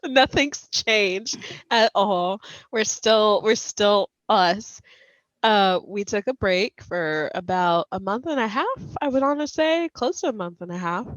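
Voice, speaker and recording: A woman's voice: mid-range voice, animated, a little slow, no echo. A woman hosting a podcast in casual chat, giggly and rambling. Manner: giggly, rambling, many fillers. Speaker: podcast host.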